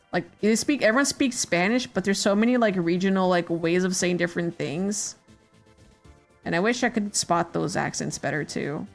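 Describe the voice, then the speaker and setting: A woman's voice: lowish voice, vocal fry. A woman streamer chatting casually while she draws, rambling with many fillers and hesitations. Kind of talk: casual chat while drawing.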